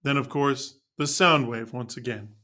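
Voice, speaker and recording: A man's voice: mid-range voice, a little slow, sharp tone. A man teaching band students how to end notes, narrating a scripted lesson in an upbeat, explanatory way.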